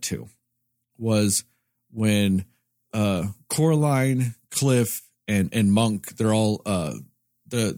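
A man's voice: fairly low pitch, darkish tone, no echo, studio quality. A man co-hosting a podcast, chatting casually about a film in a rambling way with lots of filler words. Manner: rambling, many "you know" fillers. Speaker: podcast co-host. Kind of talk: casual movie review chat.

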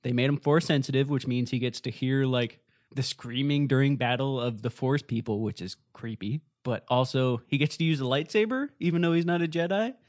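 Enthusiastic male podcast co-host, dry close sound, lively casual delivery. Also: medium pitch, brisk, no room sound. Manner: enthusiastic, animated storytelling. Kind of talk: casual chat.

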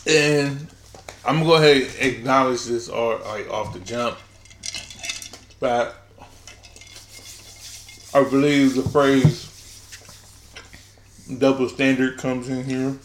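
A man's voice: mid-range voice, fairly even intonation, slow pace, pauses often. A young man co-hosting a casual podcast chat, rambling with lots of fillers and joking around. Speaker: podcast co-host. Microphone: studio mic at a table. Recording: roomy echo with faint room noise.

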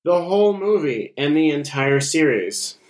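A man co-hosting a casual podcast chat, joking in a deadpan way. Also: on the high side, unhurried. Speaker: podcast co-host. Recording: echoey room.

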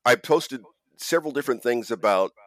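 A man's voice: mid-range voice, expressive, fairly quick, a bit bright, no echo. A man hosting a podcast in casual chat, rambling and joking at himself, with frequent restarts. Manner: rambling, self-deprecating, many restarts. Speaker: podcast host and audio producer.

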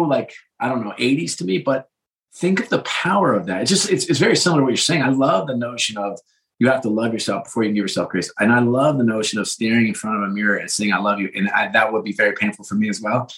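A man's voice: medium pitch, fast talker, a bit bright, poor audio. A middle-aged man hosting a podcast conversation, enthusiastic and rambling, often restarting his sentences. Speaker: host.

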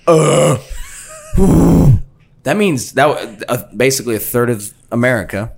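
A man's voice: mid-range voice, animated, measured pace, creaky, darkish tone. A man co-hosting a podcast, rambling through crude, joking banter with lots of restarts. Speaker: podcast co-host. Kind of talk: casual banter.

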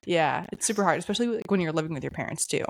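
A woman's voice: deep voice, expressive, rapid-fire, noisy background. A young woman co-hosting a podcast, talking candidly and reflectively in a casual chat, with laughs between her phrases. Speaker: podcast co-host.

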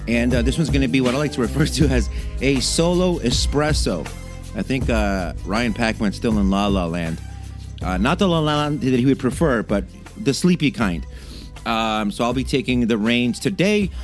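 A man's voice: mid-range voice, expressive, moderate pace, faint music behind. A man in his late thirties from Canada hosting a solo podcast, chatting casually and rambling with lots of fillers and restarts. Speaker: podcast host.

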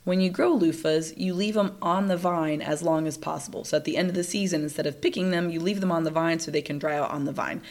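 A woman's voice: low voice, quick pace, hardly any pauses. A woman hosting a casual solo podcast, chatty and upbeat, who laughs often and sounds nasal and congested from stuffed sinuses. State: congested, sniffling. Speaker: podcast host.

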